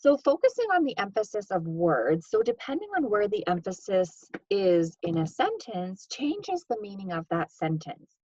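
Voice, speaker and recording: A woman's voice: medium pitch, very animated, moderate pace, darkish tone, no room sound. A woman co-presenting an educational session, guiding listeners through examples. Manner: guiding, reads example sentences with changing stress. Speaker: workshop co-presenter. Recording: dull, dry lo-fi mic.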